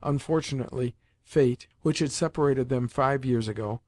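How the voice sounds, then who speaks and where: A man narrating a classic novel aloud in a measured, phrase-by-phrase reading. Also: medium pitch, darkish tone. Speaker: audiobook narrator. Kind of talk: scripted narration.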